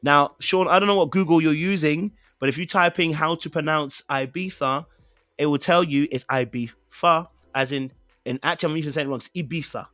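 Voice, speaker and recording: A man with a British accent hosts a podcast in casual live-stream chat, playfully insistent as he rambles with plenty of fillers and repeated phrases. His voice is a little high, steady and a bit bright, delivered a little fast. There's no echo, only faint music behind him.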